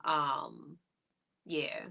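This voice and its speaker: This is a woman co-host in her thirties with a slightly low voice, chatting casually. She circles back with fillers and restarts and laughs easily as she goes. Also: extremely slow, creaky, pushed and bright. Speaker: podcast co-host. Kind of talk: casual chat reviewing a reality show.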